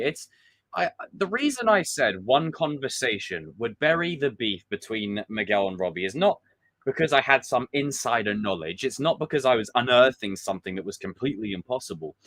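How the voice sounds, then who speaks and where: A man hosting a live stream, chatting casually and excitably about a TV show and acting out quotes. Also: medium pitch, no room sound. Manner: animated, excitable, acts out quotes.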